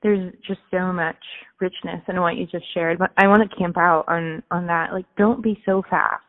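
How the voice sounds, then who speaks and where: Reflective woman host, lowish voice, phone-like sound with a long echo tail. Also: steady tone, moderate pace. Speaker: podcast host. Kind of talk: conversational interview. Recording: tinny phone line with long reverb.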